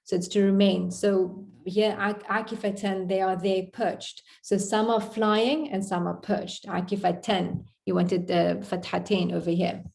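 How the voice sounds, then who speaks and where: A woman's voice: mid-range voice, little pitch movement, unhurried, creaky, few pauses, a little mellow. A woman teaching an Arabic poem to a class on a video call, explaining it word by word in a chatty way. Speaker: Arabic tutor. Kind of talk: online class.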